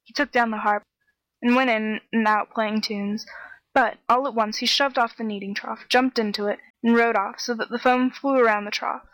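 A woman narrating a fairy tale in a steady, measured storytelling voice. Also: a little high, no echo, rough recording. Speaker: audiobook narrator.

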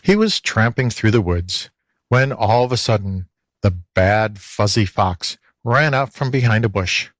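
Guy reading a kids' story, sing-songy and expressive, dry close mic. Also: lowish voice, unhurried, dry recording. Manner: expressive lilting. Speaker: audiobook reader. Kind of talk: storybook narration.

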